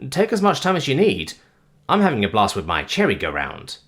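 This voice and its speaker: Male narrator, first-person sci-fi, wry casual delivery with a very lively pitch. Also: a little fast. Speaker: audiobook narrator.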